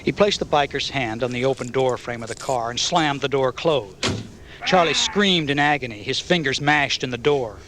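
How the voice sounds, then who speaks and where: A man narrating an audiobook novel in a measured, even storytelling manner. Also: medium pitch, slight background noise.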